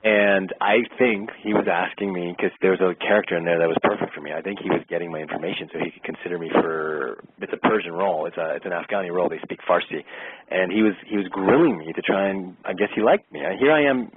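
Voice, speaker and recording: A middle-aged man, an actor and interview guest, telling a lively anecdote and acting out the exchanges he describes. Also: deep voice, fast, breathy edge, no echo. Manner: lively storyteller who acts out quoted exchanges. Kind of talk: casual storytelling anecdote. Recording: tinny phone-line sound, dry.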